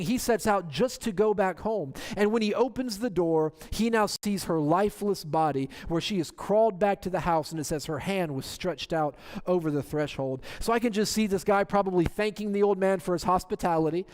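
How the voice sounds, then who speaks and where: A man's voice: sits high, fairly quick, darkish tone, big-room sound. A man preaching a sermon, retelling scripture dramatically and asking rhetorical questions. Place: church sanctuary.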